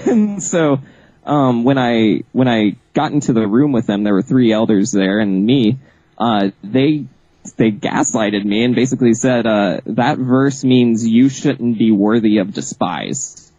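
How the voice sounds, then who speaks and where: A man, the author being interviewed, telling a story in a casual, animated way, laughing often and restarting his sentences. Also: medium pitch, no echo, dull audio. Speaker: author guest.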